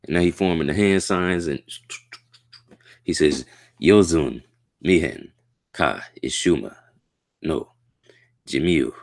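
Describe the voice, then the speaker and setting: A man reading a manga chapter aloud and reacting to it in a casual, slangy way, with excitable outbursts. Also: rumbling low, slow, pauses often.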